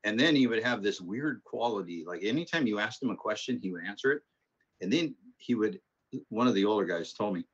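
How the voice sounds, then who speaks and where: A math instructor with a very low, deep voice drifts through casual, rambling stories before easing into explaining the material. The audio is muffled and lo-fi, like an online class recording. He sounds relaxed and conversational. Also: fairly quick, breathy edge. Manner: rambling anecdotal storytelling. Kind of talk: casual classroom talk and lecture.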